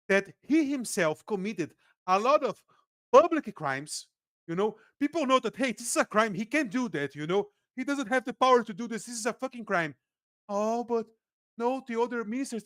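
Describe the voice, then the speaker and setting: A Brazilian-accented man talks politics in a casual podcast, sarcastic and animated, acting out the people he mocks. His voice sits high, and the sound is close and dry with no room around it. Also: no room sound. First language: Portuguese. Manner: animated, sarcastic, acts out quotes. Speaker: guest political commentator.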